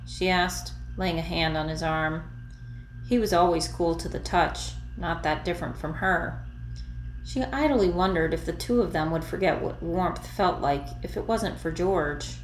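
A woman reading a story aloud in a soft, even narrating voice. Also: on the low side, slight background noise. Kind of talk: fan fiction read aloud. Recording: echoey room.

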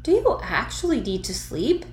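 A woman voicing a blunt, curious young female ghost, pitched up and cheeky, in an echoey room. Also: very animated, moderate pace, a little hiss or hum. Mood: teasing.

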